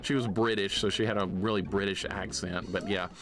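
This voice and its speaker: A man live-streaming a retro game, excitable and jokingly grumpy as he rants at his chat. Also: low voice, a little fast. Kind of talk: casual live-stream commentary.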